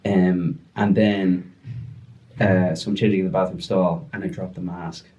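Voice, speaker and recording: A man with an Irish accent tells a story as a podcast guest, chatty and loose, with lots of fillers. His voice sits low. He is heard from a distance, with a dull, lo-fi tone. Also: steady tone, measured pace, mellow. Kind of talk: casual storytelling.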